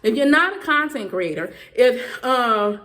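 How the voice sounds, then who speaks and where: A woman host telling a story in a casual commentary vlog, animated and exasperated, with many fillers. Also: a little high, unhurried. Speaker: channel host.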